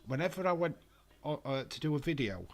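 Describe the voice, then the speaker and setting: A man's voice: a little high, big pitch swings, a little fast. A man streaming casually, rambling and self-deprecating, with a stuffy, bunged-up nose and frequent laughs. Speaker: wrestling streamer. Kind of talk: casual live-stream chat.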